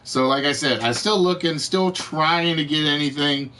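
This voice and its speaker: A man hosting a live game show stream, ranting to his chat in an animated, exasperated way, his voice cracking. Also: a little high, moderate pace. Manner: animated, exasperated storytelling with repetitions. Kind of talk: casual rant to live chat.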